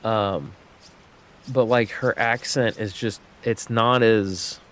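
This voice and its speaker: A man's voice: fairly low pitch, fairly even intonation, slow, a bit bright. A man streaming a game, chatting casually and rambling with lots of fillers and restarts. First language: English. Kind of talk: casual livestream chat while gaming.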